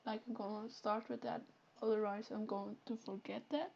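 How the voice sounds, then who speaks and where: A young Flemish-accented woman rambles through a live stream in a chatty, animated way, often restarting her sentences. Her voice is mellow and gravelly, and she talks slowly with a slightly high pitch. The audio is dull and lo-fi. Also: slight background noise. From Flanders, Belgium. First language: Dutch (Flemish). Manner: chatty, animated, self-correcting. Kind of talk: casual live-stream chat.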